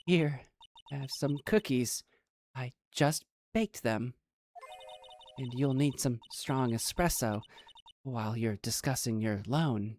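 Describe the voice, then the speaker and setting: A man voicing a calm, gracious woman who runs a café in a video game, speaking softly and hospitably. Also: mid-range voice, slow pace, long pauses, soft background music.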